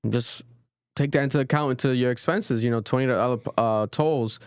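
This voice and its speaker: Rambling, animated young podcast host, man. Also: mid-range voice, a little fast, clean tone, dry recording, clean studio sound. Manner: rambling, animated, swears often. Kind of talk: casual podcast chat. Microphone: studio podcast mic.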